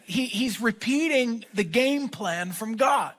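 A man's voice: extremely high pitch, lively intonation, measured pace, fairly bright tone. Emphatic male pastor preaching like a coach. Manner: emphatic, repeating short commands like a coach. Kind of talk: sermon.

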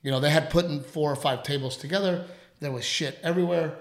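A radio host telling a story in casual chat, rambling and animated, with plenty of fillers. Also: male voice, a little high, quick pace, reverberant.

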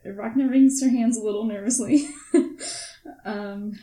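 A woman's voice: a little high, fairly even intonation, a little slow, mellow, echoey room, poor audio. Hesitant woman narrating her game character. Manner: hesitant, with many fillers. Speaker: player. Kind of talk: tabletop role-play narration.

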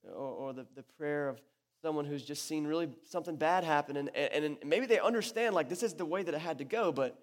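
A pastor with a voice on the high side preaches fairly quickly to his church in an echoey hall. He's casual and animated, often restarting his sentences.

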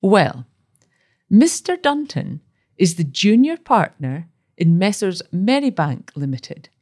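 A woman voicing a devoted, fussy young wife nursing her husband, with a coaxing, bright manner. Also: mid-range voice, very animated, unhurried. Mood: gleeful.

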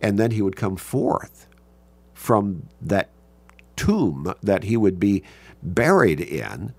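Slow, gravelly man teaching a Bible class. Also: lowish voice, sing-song, darkish tone, no room sound. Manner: slow, emphatic, stretching key words; reads scripture aloud, then explains it.

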